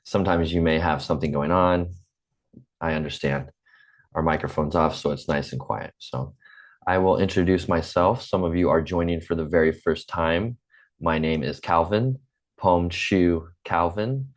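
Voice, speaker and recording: A man in his forties with a General American accent, teaching an online English class slowly and patiently, repeating himself, over a computer mic on a video call. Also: deep voice. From United States. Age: 40s.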